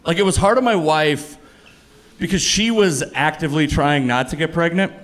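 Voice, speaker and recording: A man in his thirties performing a stand-up comedy set for a live audience, deadpan and profane, rising to loud exasperated punchlines. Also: on the high side, moderate pace, slight background noise. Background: audience laughter.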